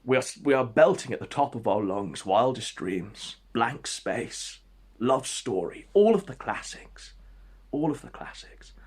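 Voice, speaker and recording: Man telling an absurd story, animated pitch. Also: unhurried, husky. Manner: mock-epic, deadpan exaggeration. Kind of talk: comedic storytelling.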